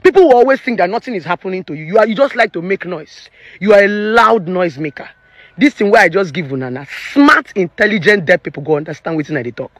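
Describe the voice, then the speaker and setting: A woman's voice: medium pitch, animated, fast, no echo. A woman in her thirties with a Nigerian accent, a relationship therapist giving her opinions in a preachy, emphatic vlog rant. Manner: emphatic and preachy, slipping into Pidgin.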